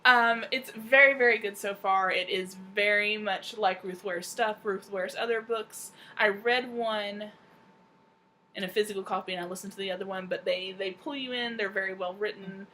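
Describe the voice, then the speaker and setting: A woman's voice: medium pitch, fairly even intonation, normal speed, sharp tone. Chatty woman podcaster with faint hiss. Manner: chatty, reads a synopsis aloud with stumbles. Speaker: podcast co-host. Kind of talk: casual book chat.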